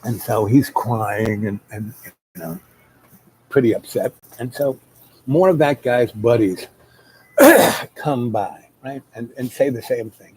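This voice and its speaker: Mellow-voiced man telling a rambling story. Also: medium pitch, animated, slow pace, slight background noise, rough recording. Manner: rambling, many fillers and restarts. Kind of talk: casual spoken storytelling.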